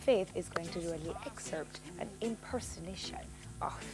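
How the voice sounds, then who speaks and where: A woman's voice: lowish voice, a little fast, music in the background. A woman hosting a TV morning show and introducing her guests.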